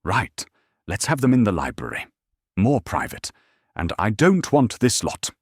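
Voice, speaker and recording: Narrator playing a gruff inspector barking orders, brisk, commanding. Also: male voice, sits low, very animated, no room sound, clean studio sound, full character voice. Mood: brusque. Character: brusque police inspector, male, commanding.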